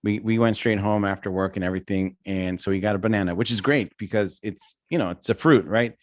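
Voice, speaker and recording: A man's voice: lowish voice, brisk, no room sound, studio quality. A man in his thirties, a podcast co-host, animatedly telling a family story in casual chat. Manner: animated storyteller, mimics a child's squeals.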